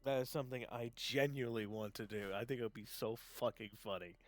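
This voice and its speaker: A man chatting casually on a live gaming stream, rambling with lots of fillers and restarts, laughing often and getting excited. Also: medium pitch, a little fast. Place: home setup, gaming stream.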